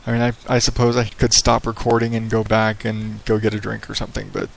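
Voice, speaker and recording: He talks fairly quickly in a voice on the low side, with vocal fry. Recording from a small, echoey hardwood-floored home office through a headset mic, this podcast host delivers a casual, rambling, profane solo monologue in a radio-style voice.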